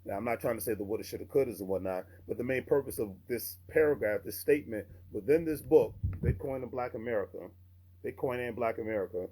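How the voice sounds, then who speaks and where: A man's voice: lowish voice, mellow. A man hosting his own channel, giving a casual rant to camera that rambles and repeats itself, with fillers like "and whatnot". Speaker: channel host.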